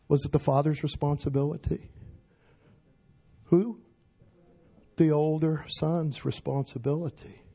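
A man's voice: fairly high pitch, dark tone. A man preaching a sermon in an emphatic way, firing questions at his congregation.

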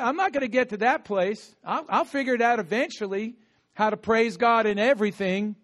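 Male preacher with a high voice, lively and chatty, coaxing the crowd to answer back. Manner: animated, talkative, with bursts of laughter and call-and-response. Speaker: pastor. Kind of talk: sermon. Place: outdoor gathering with insects audible. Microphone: no microphone at times.

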